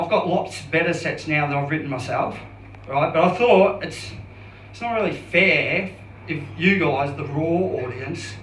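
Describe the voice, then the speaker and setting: A man around fifty doing an open mic stand-up set, self-deprecating and halting, with many restarts. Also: on the high side, a bit bright, recorded from a distance, a little hiss or hum. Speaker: stand-up comedian. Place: comedy club stage. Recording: roomy club sound from off mic.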